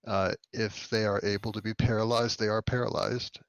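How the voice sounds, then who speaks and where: Low gravelly man player, hesitant. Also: level tone, normal speed, dry recording. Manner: hesitant, many ums before deciding. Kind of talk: casual tabletop play.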